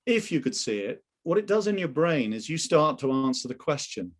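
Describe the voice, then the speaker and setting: A man's voice: fairly high pitch, sing-song, moderate pace. A man running a live online sales training session over a video call, emphatic and full of rhetorical questions.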